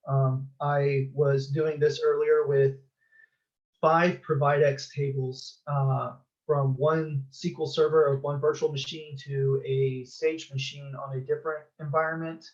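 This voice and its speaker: A man's voice: mid-range voice, a little mellow. Give me a man presenting a technical talk, hesitant and full of fillers, over dull lo-fi meeting audio. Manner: hesitant, many filler sounds.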